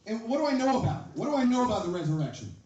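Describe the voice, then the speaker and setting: Male stand-up comic, rambling, erupts into shouted bits; higher voice, echoey room. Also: big pitch swings, very fast, dull audio. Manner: rambling, shouts sudden impressions. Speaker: stand-up comedian. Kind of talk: stand-up set at an open mic. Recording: roomy, from a distance.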